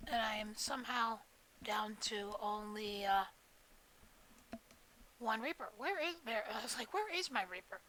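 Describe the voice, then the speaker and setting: A woman's voice: a little high, a little slow, pauses often, a bit bright, a little hiss or hum, rough recording. A woman streaming a video game, chatting casually in a rambling, joking way with plenty of swearing. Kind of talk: casual live-stream chat while gaming.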